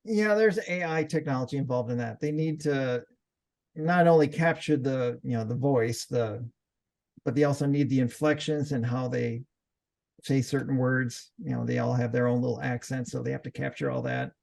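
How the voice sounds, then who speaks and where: A man on a podcast panel, explaining things in casual chat with a halting delivery. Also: medium pitch, gravelly, a little mellow.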